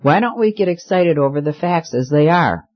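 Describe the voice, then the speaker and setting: Quiet earnest young woman, read by a man, soft and serious, muffled-ish audio. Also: on the high side, expressive, normal speed, pitched above the performer's own voice, close to an everyday voice. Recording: slightly muffled recording.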